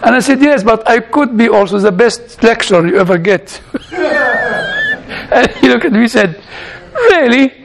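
A man's voice: high voice, normal speed, vocal fry, a little hiss or hum. A man with a non-native English accent telling humorous stories to an audience, chuckling often and repeating words. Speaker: speaker addressing an audience. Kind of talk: humorous storytelling talk. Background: audience laughter.

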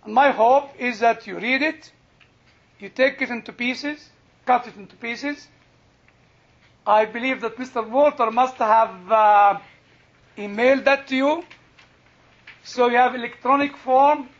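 An older Christian teacher with a husky but strikingly high voice gives a slow, unhurried lesson to a church class, leaning on each phrase for emphasis. The recording sounds dull and lo-fi.

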